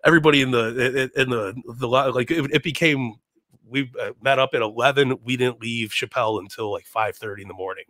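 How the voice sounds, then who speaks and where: A man in his thirties from Chicago, a podcast guest telling a story in a casual, animated way, laughing and putting on voices. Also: mid-range voice, fairly quick, no room sound.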